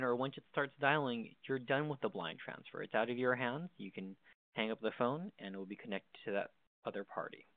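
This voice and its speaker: With a mid-range voice, a man gives a plain, step-by-step tutorial on the basics of a desk phone. The recording is dry, with a narrow sound like a telephone.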